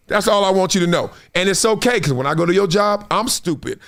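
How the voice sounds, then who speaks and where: A man in his forties hosting a casual sports talk stream, animated and trash-talking, slipping into put-on fan voices. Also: high-pitched, fast, hardly any pauses. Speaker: show host.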